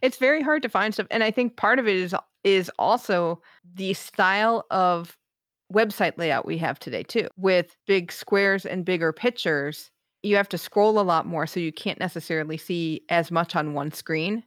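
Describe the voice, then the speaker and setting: A woman co-hosting a chatty podcast, her voice sitting a little low. She talks casually and laughs easily, recorded dry and close on a podcast mic. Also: moderate pace, no room sound. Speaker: podcast co-host. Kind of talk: casual chat.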